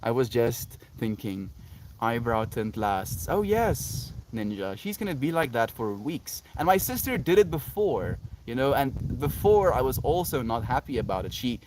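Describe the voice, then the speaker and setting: A man's voice: mid-range voice, very animated, moderate pace, noisy background. A South African man musing dreamily as a live streamer, reading chat comments and laughing often.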